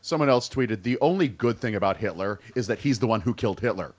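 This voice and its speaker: A man co-hosting a political talk radio show, playful and quick with reactions, on a slightly dull mic. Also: on the low side, animated. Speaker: radio co-host.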